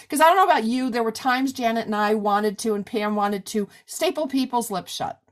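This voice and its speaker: A woman's voice: fairly high pitch, a little fast, few pauses, a little hiss or hum. A middle-aged woman hosting a podcast, reading an ad and then chatting with a guest in a loose, rambling way full of asides. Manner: chatty, many fillers and asides. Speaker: podcast host. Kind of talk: casual interview chat and ad read.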